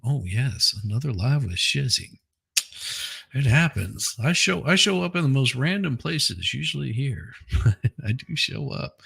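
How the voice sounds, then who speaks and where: A man's voice: mid-range voice, animated, a little slow, vocal fry, fairly bright tone, slightly rough. A man hosting a casual livestream, chatting and greeting viewers one by one with frequent restarts. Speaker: livestream host. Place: home, indoors.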